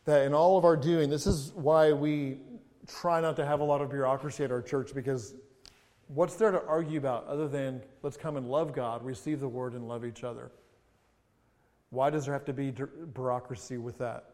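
With a medium-pitched, steady, mellow voice at a moderate pace, a man gives a sermon as pastor in a reverberant church sanctuary. Scripture readings build in emphasis, broken up by casual, humorous digressions.

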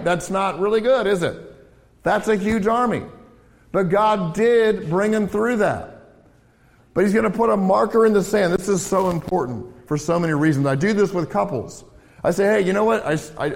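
Animated preacher in an echoing hall. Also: male voice. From United States. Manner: animated preaching, rising for emphasis, then dropping low. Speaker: pastor and counselor. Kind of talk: sermon. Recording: long hall reverb.

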